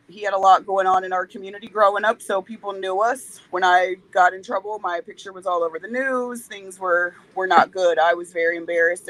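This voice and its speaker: A woman's voice: medium pitch, fairly bright tone, low-quality recording. A woman in her forties, a podcast guest speaking candidly in a blunt, plain-spoken way and swearing freely. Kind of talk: candid interview talk.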